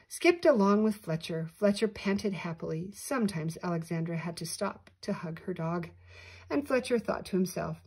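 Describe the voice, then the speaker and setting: An older woman, a grandmother, reading a picture book aloud with animated delivery and small slips. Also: lowish voice, normal speed, husky. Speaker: storyteller grandmother.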